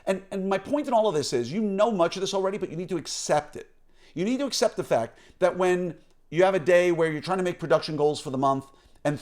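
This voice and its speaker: A middle-aged man hosting a short motivational podcast, talking emphatically and conversationally, often tagging points with "right?". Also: a little high. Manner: emphatic, conversational, punches words with rhetorical "right?". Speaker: podcast host. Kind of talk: motivational talk.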